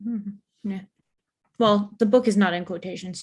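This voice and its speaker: A woman player chatting casually during a tabletop game, playful and quick to joke about herself. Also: medium pitch. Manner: playful, laughing, self-deprecating asides.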